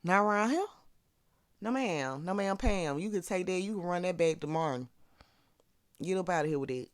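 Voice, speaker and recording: A speaker with a Southern Alabama twang dishes out animated, sassy commentary in easy slang. The voice is smooth and clear. It is recorded close and dry, with no room sound. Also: mid-range voice, normal speed, no echo. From Birmingham, Alabama. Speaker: reality TV recap commentator. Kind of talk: casual commentary.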